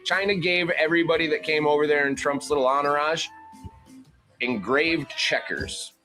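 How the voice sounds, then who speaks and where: A man hosting a panel and ranting about politics in a bright, slightly high voice, profane and mocking, slipping into voices when he quotes people. Faint music plays behind him. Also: moderate pace. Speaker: panel host. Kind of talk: heated political commentary.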